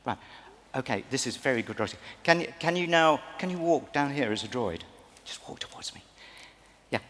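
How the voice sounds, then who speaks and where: A man's voice: mid-range voice, animated, normal speed, a bit bright. A man coaching audience volunteers on a convention stage, playful and theatrical, often laughing. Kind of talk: live stage banter. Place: large convention hall stage with a live audience. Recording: long hall reverb, crowd and noise.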